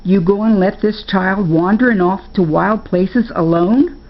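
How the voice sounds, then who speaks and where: A woman's voice: medium pitch, measured pace, lo-fi sound. An older woman voicing a stern, fretful old grandmother who scolds in rustic dialect. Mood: scolding.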